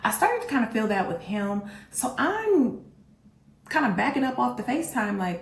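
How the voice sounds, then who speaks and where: Blunt, animated woman storyteller. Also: a little high, moderate pace, creaky, reverberant. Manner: animated and blunt, addresses the audience directly. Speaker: vlog host. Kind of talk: candid storytelling vlog.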